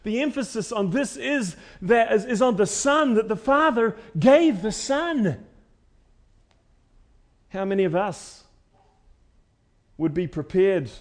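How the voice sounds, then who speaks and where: A man. He swings between loud, ringing declarations and quiet, hushed lines, and repeats key phrases for weight. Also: high-pitched, expressive, takes it slowly, pauses often. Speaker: preacher. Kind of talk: sermon.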